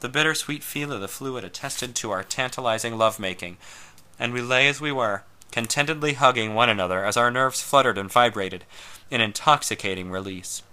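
A man reading a first-person story aloud in a slow, measured way, sometimes dropping to a hush. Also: medium pitch, smooth. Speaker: narrator.

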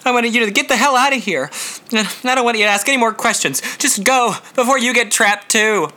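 A frantic, guilt-torn young man who pleads and breaks into desperate shouts, as a male narrator puts him on. The voice is very bright and sharp-edged, and the tone is pitched a little above the reader's plain telling. It belongs to a spoken storybook. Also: sing-song, a little fast, exaggerated voice. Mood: anguished, shouting.

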